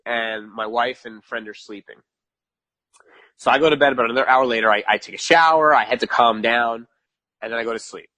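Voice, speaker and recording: A man's voice: medium pitch, bright, forceful tone, dry recording. A man from New York, a podcast guest, telling a casual story with lots of repetition for emphasis and laughing at his own mishaps.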